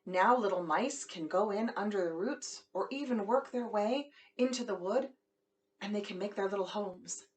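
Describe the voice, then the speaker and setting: A woman music teacher patiently explaining a song to children in a simple, gentle way. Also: on the high side.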